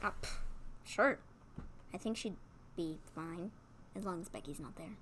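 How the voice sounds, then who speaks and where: A woman co-hosting a casual wrestling recap, telling stories in an excitable, animated way with lots of "like". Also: on the low side, a little slow, slight background noise. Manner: excitable, animated storyteller, fillers of "like". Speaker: co-host.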